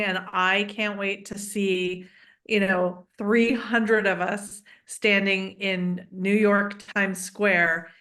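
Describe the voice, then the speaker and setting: A woman on a video call, speaking gratefully to the host. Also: mid-range voice. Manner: warm, grateful. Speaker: author guest. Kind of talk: casual chat.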